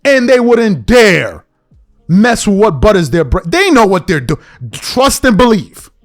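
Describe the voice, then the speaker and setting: A man delivers a heated, blunt rant, his voice sitting very high and swinging up and down with feeling. He talks in slang, repeats himself for emphasis and sounds fed up. Faint music runs underneath. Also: big pitch swings, unhurried. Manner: exasperated, blunt, slangy and repetitive. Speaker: commentary show host.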